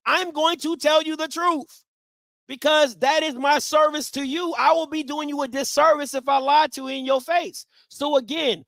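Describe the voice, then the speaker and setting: High-voiced emphatic man, dry close sound. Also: gravelly, no echo. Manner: emphatic, repeats phrases, swings loud and soft. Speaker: live show host. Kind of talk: animated live-stream talk.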